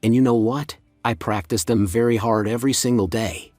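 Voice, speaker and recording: A man's voice: medium pitch, steady tone, moderate pace, darkish tone, dry recording, soft background music, natural voice. A man voicing a cheeky, lovestruck teenage girl in a teasing, bubbly way.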